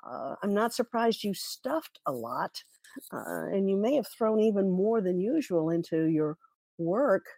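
A woman hosting an interview, speaking in a calm, supportive and measured way. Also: mid-range voice, no room sound. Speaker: host.

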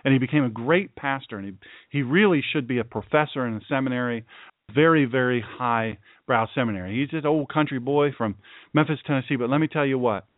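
On a radio show, a man with a mid-range voice speaks fairly quickly, earnest, folksy and preachy, driving his points home with repeated phrases. The sound is dry and tinny, like a thin phone line, with no room sound at all.

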